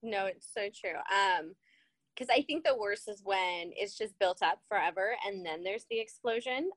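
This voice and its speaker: A woman's voice: medium pitch, expressive, normal speed, no echo. A woman telling stories animatedly in a casual conversation, often laughing as she talks.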